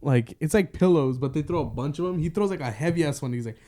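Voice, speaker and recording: A man's voice: fairly high pitch, fast talker, dark tone, dry recording, clean studio sound. A man co-hosting a podcast in casual chat, laid-back, laughing easily and swearing casually. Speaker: podcast co-host.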